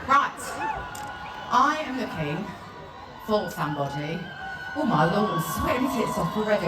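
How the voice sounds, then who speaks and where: A woman's voice: medium pitch, very animated, normal speed. A woman bantering cheekily with a crowd from the stage, swearing and laughing. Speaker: singer performing on stage. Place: large concert arena. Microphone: handheld stage mic via PA. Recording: crowd phone video, distant and echoey, loud crowd. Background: loud roaring crowd.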